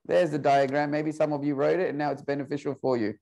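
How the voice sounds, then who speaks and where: A man teaching an Arabic class online, playful and coaxing, repeating words slowly for his students. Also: on the high side, flat delivery, vocal fry, dark tone.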